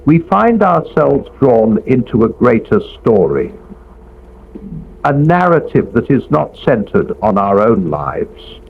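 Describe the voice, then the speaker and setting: A man giving a scripted devotional narration in a measured, reflective way. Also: mid-range voice, vocal fry, breathy edge. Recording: dull lo-fi audio with faint background noise.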